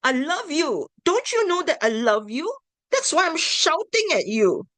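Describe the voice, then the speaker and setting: A woman voicing a father who shouts at his child that he loves them. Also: high-pitched, very animated, measured pace, dry recording, pitched above the performer's own voice, full character voice. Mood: angry. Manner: loud, strained, pleading.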